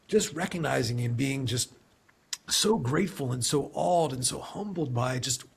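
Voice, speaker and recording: A man with a husky, breathy edge to his voice speaks as a podcast guest in a mid-pitched voice. He talks in a loose, reflective way and keeps circling back with "you know". It sounds like a conversational interview. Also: expressive, moderate pace. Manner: reflective and rambling, heavy use of "you know". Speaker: podcast guest, sales leader.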